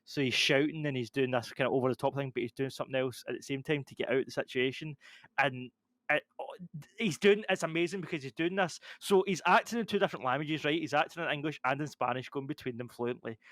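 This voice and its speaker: A young man, co-hosting a podcast and telling stories in casual, animated chat. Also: mid-range voice, fast talker, no room sound. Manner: animated storytelling, laughs often. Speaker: podcast co-host.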